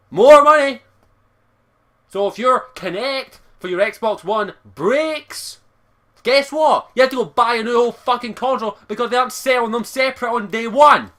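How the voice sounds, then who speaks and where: Furious Scottish man ranting, bright voice. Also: high voice. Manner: swears constantly, exasperated, loud outbursts. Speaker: vlogger. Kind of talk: angry rant to camera. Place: his bedroom, sitting on his bed. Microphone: camera across the room.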